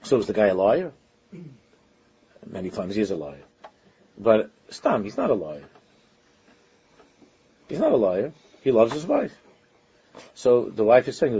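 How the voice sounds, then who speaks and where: A man with a husky, somewhat low voice delivers an informal Torah lecture, speaking earnestly in a loose, conversational way. He often pauses and restarts his sentences as he works through his point. The recording sounds dull and lo-fi. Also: wildly swooping pitch, mellow. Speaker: religious teacher.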